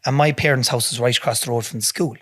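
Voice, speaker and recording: A man's voice: mid-range voice, fairly even intonation, fast talker, dry recording. An Irish man, a podcast guest, telling a story in a blunt, heavy-swearing way in a studio. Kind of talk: casual storytelling.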